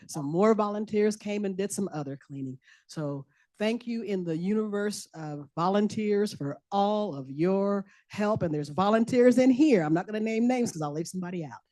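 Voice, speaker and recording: An older woman, a farmer and educator, introducing herself at a community meeting in a chatty way with drawn-out emphatic repeats. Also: lowish voice, warm tone, dry recording, clean studio sound.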